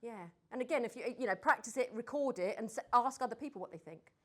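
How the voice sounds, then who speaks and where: A woman's voice: fairly high pitch, animated, fast talker. A British woman answering questions from an audience, direct and encouraging. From Britain. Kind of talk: live Q&A workshop talk. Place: room with an audience.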